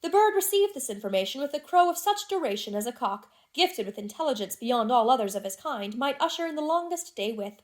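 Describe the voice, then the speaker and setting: A woman reads a classic novel aloud in a measured, expressive way. Her voice sits fairly high for a woman. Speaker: audiobook narrator. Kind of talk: scripted narration of a classic novel.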